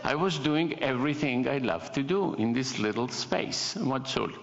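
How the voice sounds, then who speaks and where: A man's voice: mid-range voice, animated, moderate pace, a crowd in the background. An older man in his seventies with an Italian accent, telling wry, self-mocking stories during a guest lecture. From Italy. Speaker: designer giving a guest lecture. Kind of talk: anecdotal lecture storytelling. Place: lecture hall. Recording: echoey hall, dull lo-fi sound.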